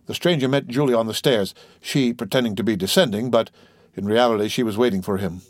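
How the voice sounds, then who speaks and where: A man's voice: lowish voice, fairly quick, dry recording, clean studio sound. A man reading a classic novel aloud as an audiobook narrator, evenly and steadily. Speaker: audiobook reader. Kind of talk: scripted narration.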